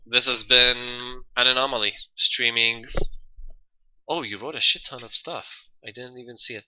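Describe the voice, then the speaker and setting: A man's voice: fairly low pitch, clean tone, dull audio. A young man hosting a livestream, chatting loosely and swearing casually. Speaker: livestream host. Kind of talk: casual stream chat.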